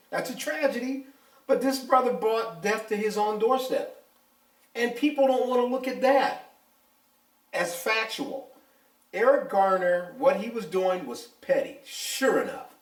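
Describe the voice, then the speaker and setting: An older man with a high voice talks bluntly and emphatically, his pitch leaping around as he tells the story. He sits some distance from the mic, in a room with a lot of echo. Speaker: retired police officer, interviewee. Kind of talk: casual interview talk.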